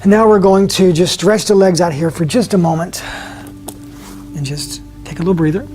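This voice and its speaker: Calm male yoga instructor, slightly high. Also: soft background music. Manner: calm, slow guiding cues with soft drops in volume. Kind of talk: guided yoga class instruction.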